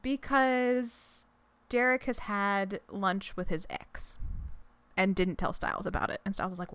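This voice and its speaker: A woman's voice: medium pitch, animated, moderate pace, smooth, no room sound. A young adult woman co-hosting a podcast, chatting casually and giggling, with rambling fillers and restarts as she retells a story. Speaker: podcast co-host. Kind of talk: casual chat, reading a fic summary aloud.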